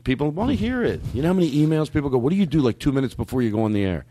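A man chatting in a studio before a podcast, excitable and teasing the guests. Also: medium pitch, rapid-fire, no room sound. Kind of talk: casual banter.

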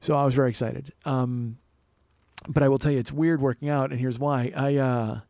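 A man's voice: mid-range voice, steady tone, moderate pace, a little mellow, dry recording. A man hosting a comedy podcast, telling rambling, profane, self-mocking stories in casual chat. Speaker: podcast host.

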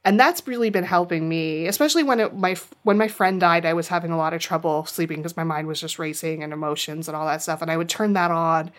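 A woman's voice: fairly low pitch, fast talker, hardly any pauses. A woman co-hosting a podcast, talking casually and rambling with restarts. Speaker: podcast co-host. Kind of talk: casual chat.

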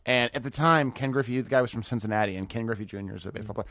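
A comedian guest on a podcast, telling stories in lively casual chat and swearing freely. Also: male voice, mid-range voice, very fast, dry recording, clean studio sound. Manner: animated storytelling, swears freely.

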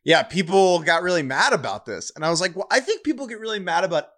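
A man's voice: high-pitched, lively intonation, fast talker, fairly bright tone. A young man hosting a podcast, chatting casually and making dry, wry remarks. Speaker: podcast host. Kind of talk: casual chat.

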